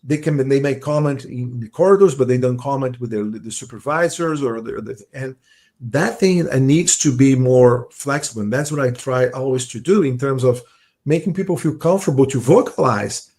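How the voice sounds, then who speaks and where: A man's voice: mid-range voice, moderate pace, darkish tone. A man who is a guest on a podcast, speaking hesitantly with restarts and tag questions. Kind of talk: casual conversational interview.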